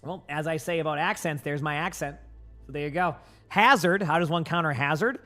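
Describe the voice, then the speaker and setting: Young streamer guy, light boston accent, kinda high voice, rambly, faint music behind. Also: fairly even intonation, fairly quick, a bit bright. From Boston area. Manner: rambling, filler-heavy, many restarts. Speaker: gaming streamer. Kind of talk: casual chat with stream chat.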